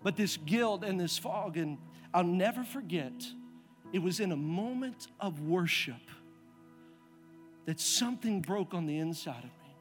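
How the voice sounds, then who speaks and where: A man with a notably high voice preaches as a pastor, dropping to near-whispered quiet and then rising to forceful emphasis. He calls out to the congregation and has them answer back. Soft music plays faintly underneath. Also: animated, measured pace. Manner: swings from hushed to loud and emphatic, calls the congregation to respond. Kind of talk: sermon with personal story.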